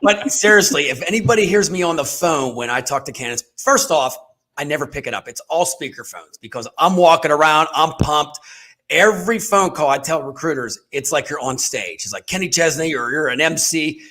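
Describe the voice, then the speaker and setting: A staffing company host chats with high energy, as if he were on stage. His voice sits a little high for a man and bounces with excitement. He keeps the talk casual and hyped. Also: fairly quick. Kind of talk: casual podcast chat.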